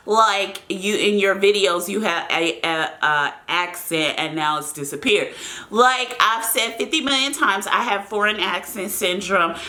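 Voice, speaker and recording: A woman's voice: mid-range voice, sharp tone. A young American woman chatting casually to her viewers as she answers their questions in a vlog, rambling and calling them y'all. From United States.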